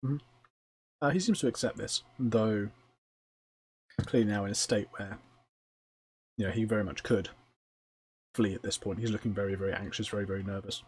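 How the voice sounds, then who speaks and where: Low-voiced man narrating as game master. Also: moderate pace, pauses often, a little mellow, slightly rough. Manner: descriptive, with frequent ums and uhs.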